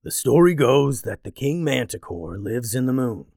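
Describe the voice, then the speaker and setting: A man voicing a calm, wise, winged male creature who talks in a slow, measured way. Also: medium pitch, creaky, dry recording, studio quality.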